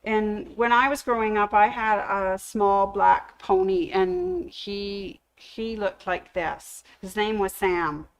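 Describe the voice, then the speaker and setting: Slow-talking woman telling puns. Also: mid-range voice, expressive, creaky, smooth, dull audio. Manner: chatty, cracks corny puns. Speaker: fabric store host. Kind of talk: casual livestream product showcase.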